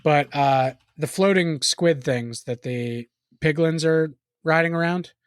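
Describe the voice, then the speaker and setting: A man's voice: fairly high pitch, slow, smooth, no room sound, clean studio sound. A man co-hosting a podcast in casual chat, talking in a loose, rambling way and laughing often. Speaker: podcast co-host.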